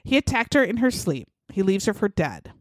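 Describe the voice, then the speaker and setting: Woman podcast co-host, lively true-crime storyteller, dry close sound. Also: mid-range voice, a little fast, no room sound. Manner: animated retelling, acts out quotes in shouted voices. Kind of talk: casual true-crime chat.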